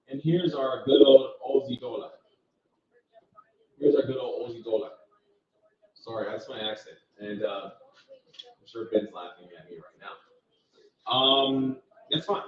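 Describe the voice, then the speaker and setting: A man hosting a live trading stream, walking viewers through market charts in a casual, direct way and thinking aloud. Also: medium pitch. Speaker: trading channel host. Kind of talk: live market commentary with screen share. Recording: roomy, distant, dull sound.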